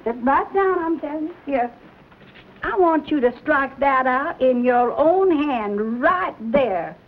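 An actress playing a stern older frontier mother in a 1950s TV western, sharp and scolding in a rustic way. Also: sits high, expressive, slow. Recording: tinny, lo-fi 1950s TV soundtrack.

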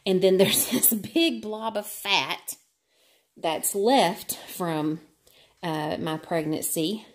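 A woman's voice: lowish voice, slow pace. A woman chatting candidly to camera on an exercise bike, a little out of breath, with lots of fillers. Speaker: vlogger. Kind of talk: casual talk to camera while cycling.

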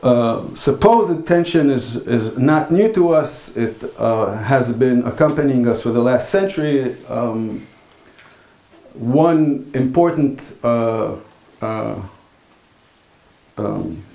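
A man giving an academic philosophy talk at a conference, speaking in a halting, thoughtful way with frequent pauses. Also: mid-range voice, gravelly, dark tone. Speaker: philosophy lecturer. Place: lecture hall. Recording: echoey lecture hall.

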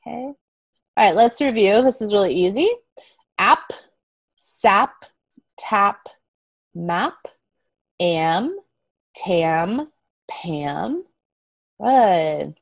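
A young woman from the United States gives a phonics lesson to small children over a video call. She speaks slowly and very clearly, sounding out each letter again and again. The recording is dry and a little dull. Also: mid-range voice, lively intonation, dry recording. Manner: slow, clear, encouraging, repeats letter sounds. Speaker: kindergarten English teacher.

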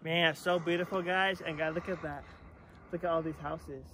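A hyped male vlogger with a high, bright voice pumps up his viewers while out in a park. He speaks into a handheld camera, with a faint hiss of outdoor noise underneath. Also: fairly even intonation, normal speed. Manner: hyped, motivational, talks straight to viewers. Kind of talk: casual vlog chat.

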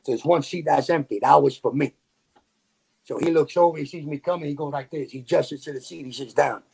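A man from New City, telling a story as a podcast guest in animated street slang with sound effects. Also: fairly high pitch, brisk, gravelly, husky. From New York City. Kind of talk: casual storytelling.

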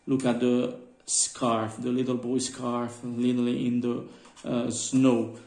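A man, chatting casually in a collector vlog, halting with many fillers and calling his viewers guys. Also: medium pitch, monotone, vocal fry, darkish tone. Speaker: vlogger. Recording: roomy with faint background noise.

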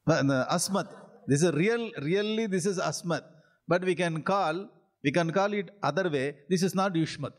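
A high-voiced man with an Indian English accent teaches an interactive scripture class as a spiritual teacher. He chuckles often, repeatedly checks understanding with lines like "are you getting it?", and draws out Sanskrit phrases slowly when reciting.

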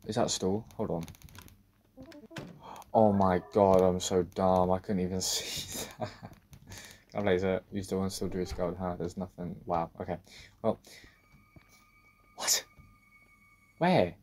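A man giving a let's-play commentary on a horror game, talking to himself, swearing and breaking into sudden loud outbursts. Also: sits low, steady tone, unhurried, long pauses, a little hiss or hum. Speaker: gaming video creator.

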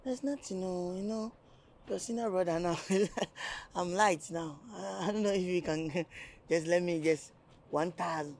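An actress with a Nigerian accent playing a sibling who cajoles and pleads for a loan, in a Nollywood film. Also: female voice, lowish voice, a little slow, darkish tone, a little hiss or hum. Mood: wheedling. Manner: pleading, wheedling, laughing. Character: cajoling sibling begging for money.

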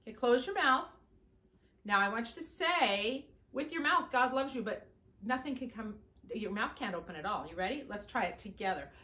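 A woman's voice: fairly high pitch, expressive, normal speed, sharp tone, echoey room. A woman leading a children's singing lesson, talking in an upbeat, coaxing way straight to young children. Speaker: children's singing time leader. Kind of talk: teaching children songs and scripture.

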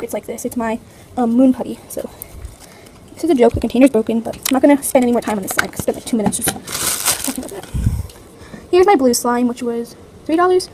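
A teenage girl with a high, quick voice talks her way through an unboxing vlog. She is chatty and playful, with dramatic complaints. Faint noise hangs behind her. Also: dark tone, poor audio. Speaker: vlogger.

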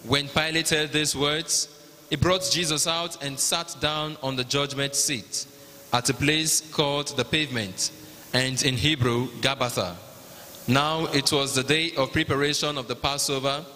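A man with a Nigerian accent narrating the Passion at a liturgy, in a measured, even reading. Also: a little high. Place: large cathedral. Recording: long cathedral reverb.

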